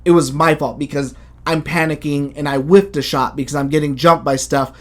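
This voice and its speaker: Animated, blunt man reviewing a game. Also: fairly high pitch, normal speed. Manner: animated, blunt, swears freely. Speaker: video game podcast host. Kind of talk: casual game review chat.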